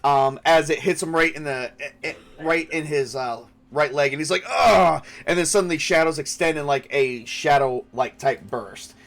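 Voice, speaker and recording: A man's voice: fairly high pitch, moderate pace, few pauses, a bit bright. A man running a tabletop game as game master, thinking aloud with many fillers and restarts.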